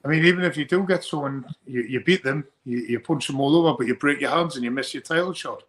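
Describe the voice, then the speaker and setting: A man's voice: mid-range voice, fast, fairly bright tone. A young man, a fighter being interviewed, talking in a rambling way and often repeating his first words. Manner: rambling, repeats words when starting sentences. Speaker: bare-knuckle fighter guest. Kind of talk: casual interview chat.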